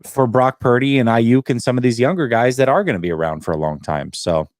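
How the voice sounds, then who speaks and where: A man's voice: medium pitch, fairly quick, no room sound, clean studio sound. A man on a sports talk show analyzing team finances and trades at length. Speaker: sports podcast panelist.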